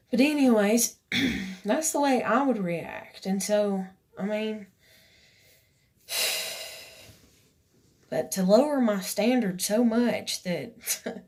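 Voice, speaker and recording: A woman's voice: mid-range voice, darkish tone. A woman, telling a personal story to camera in a rambling, emotional way with many fillers. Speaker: vlogger.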